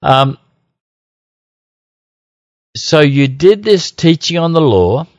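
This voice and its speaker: A man with an Australian accent co-hosting a podcast in relaxed, jokey banter, often laughing as he talks. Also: a little high, slow, no room sound, lo-fi sound. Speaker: podcast co-host. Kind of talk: casual chat.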